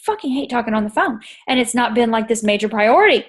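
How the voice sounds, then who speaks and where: A middle-aged woman with a fairly high voice gives a casual pep talk to her marketing team. She is animated and blunt, swearing freely. She keeps slipping into lively acted-out exchanges with the people she coaches. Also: quick pace. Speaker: network marketing team leader.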